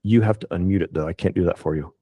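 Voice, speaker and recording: Relaxed low-voiced man hosting a webinar. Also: fast, breathy edge, no room sound. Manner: relaxed, conversational, frequent fillers. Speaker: estate planning attorney hosting a webinar. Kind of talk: casual webinar wrap-up.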